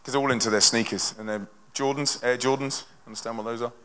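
A young man from a touring Christian band, telling stories to a church audience in an energetic, conversational way with lots of restarts. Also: mid-range voice, quick pace, clear, resonant tone. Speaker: touring Christian band member speaking to a congregation. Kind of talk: live testimony talk to an audience. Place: church hall with a live audience. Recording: long hall reverb from a large venue.

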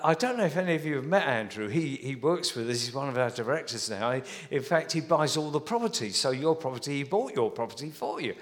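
Male preacher, 70s, chatty storytelling sermon, slightly high, long church-hall reverb. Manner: storytelling, warm and conversational with frequent restarts.

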